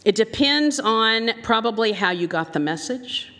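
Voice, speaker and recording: A woman's voice: a little high, expressive, a little slow, a bit bright. A woman minister with a Southern American accent preaching a sermon, telling stories animatedly and acting out the voices she quotes. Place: church sanctuary. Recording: long hall reverb.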